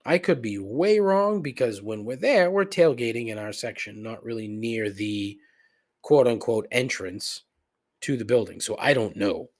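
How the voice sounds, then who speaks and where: A man's voice: mid-range voice, animated, measured pace. A man hosting a podcast, telling stories in a casual, profane, sardonic rant. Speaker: podcast host.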